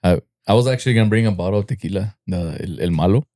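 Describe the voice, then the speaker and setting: A man's voice: deep voice, rapid-fire, mellow, dry recording, studio quality. A man on a podcast couch, chiming in with wry, needling asides and mock-offended questions. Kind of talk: casual podcast banter.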